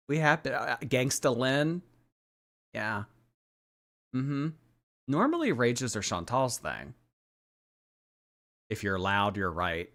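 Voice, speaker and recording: A man's voice: medium pitch, big pitch swings, takes it slowly, pauses often, a bit bright. A man hosting a livestream, giving sarcastic, chatty commentary and thanking viewers. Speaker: livestream host. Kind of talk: casual commentary stream.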